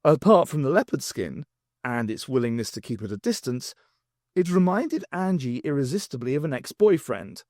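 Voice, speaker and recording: A man reading a novel aloud, unabridged, with a wry, expressive delivery. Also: medium pitch, normal speed, no room sound, clean studio sound. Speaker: audiobook reader.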